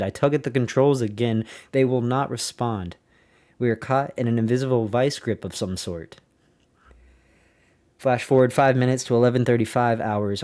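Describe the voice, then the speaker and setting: A man hosting a casual podcast, reading an old diary aloud in a plain middle voice. He keeps breaking off to ask his listeners if they are following, sounding incredulous. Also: medium pitch. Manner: animated, incredulous asides to listeners. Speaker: podcast host.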